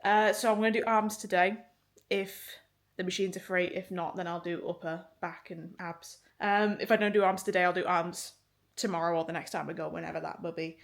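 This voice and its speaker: A woman's voice: fairly low pitch, little pitch movement, brisk, vocal fry. A young woman with a faint Northern English accent, chatting casually through her day in a home vlog, swearing freely and laughing often. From Liverpool, England. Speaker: vlogger. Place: home kitchen and flat, indoors. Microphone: handheld phone or camera.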